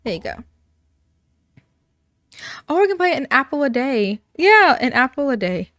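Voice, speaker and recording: A woman's voice: sits high, sing-song, measured pace, a bit bright, no room sound, studio quality. Chatty woman gamer narrating gameplay. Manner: chatty, upbeat, many fillers. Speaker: let's play gamer. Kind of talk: casual gameplay commentary.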